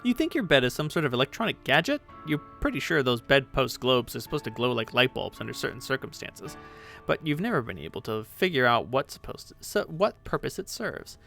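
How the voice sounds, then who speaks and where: Guy reading a webcomic out loud, playful, bit of fry, soft music behind. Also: mid-range voice, brisk. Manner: animated, playful delivery. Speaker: webcomic reader.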